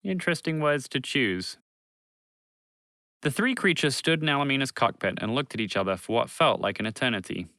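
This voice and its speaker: A man narrating a children's story in an expressive, warm reading voice. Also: mid-range voice, fairly quick, no echo.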